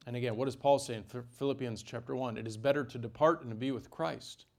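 A man preaching a sermon, animated, with sudden jumps in pitch and loudness and dry asides. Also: fast talker, creaky.

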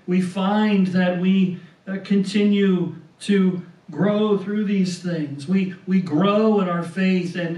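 A man with a high voice preaches a sermon at an unhurried pace, often doubling his words and checking in with "right?". He sounds set back from the mic, and a roomy echo hangs around his words, as in a church hall. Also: darkish tone, recorded from a distance. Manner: slow and deliberate, often repeats words and adds "right?".

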